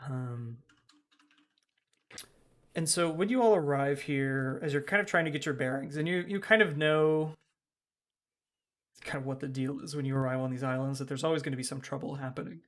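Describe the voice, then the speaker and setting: A man's voice: mid-range voice, normal speed, pauses often. A man running a tabletop game as game master, describing scenes with frequent ums and hedging words. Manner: hesitant, many ums.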